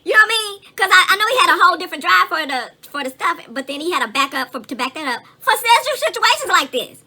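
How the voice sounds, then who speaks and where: A woman hosting a casual chat, telling stories in an animated, profane way. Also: very high-pitched, quick pace. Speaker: host.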